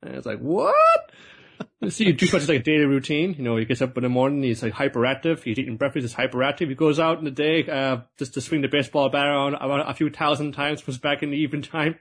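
Casual podcast co-host, male, husky tone, rambling retelling, slips into character voices. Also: mid-range voice, steady tone. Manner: rambling retelling with quick put-on voices and laughs. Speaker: podcast co-host recapping an anime. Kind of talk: casual chat.

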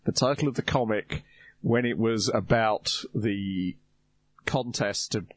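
A man on a podcast explaining things in a measured, casual way. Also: fairly low pitch. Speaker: podcast co-host. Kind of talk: casual chat.

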